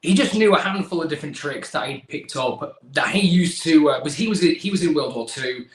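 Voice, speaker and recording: A man's voice: on the high side, expressive, fairly quick. Chatty English man on an echoey call. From England. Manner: chatty, self-deprecating, rambling with restarts. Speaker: magician guest. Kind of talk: casual video-call interview.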